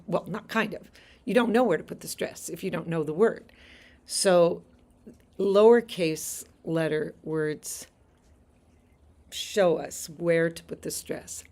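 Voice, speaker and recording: A woman's voice: fairly low pitch, a little mellow. A woman teaching a Greek lesson on a live stream from a house deck outdoors. She explains things patiently and laughs easily.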